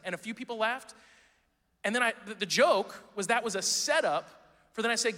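A man's voice: very high-pitched, brisk, bright, forceful tone, in a large hall. A man preaching a sermon as pastor, casual and joking, reading scripture and adding playful asides.

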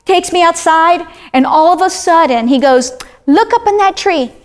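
A woman's voice: very high-pitched, animated, moderate pace, faint music behind. A woman from Florida, a self-described talker, animatedly sharing a personal faith testimony in conversation.

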